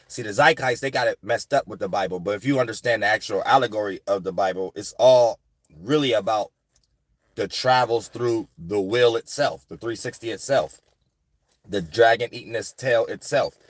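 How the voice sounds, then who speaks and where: A man's voice: lowish voice, no room sound. Man, casual spiritual monologue, rambling, dry room. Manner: rambling, repeats "you know what I'm saying". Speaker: astrology channel host.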